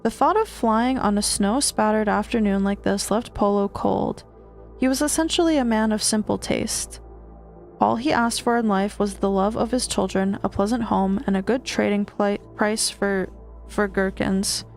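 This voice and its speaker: A woman streamer reading a horror book aloud, steady with small stumbles and restarts. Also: medium pitch, normal speed, vocal fry, soft background music.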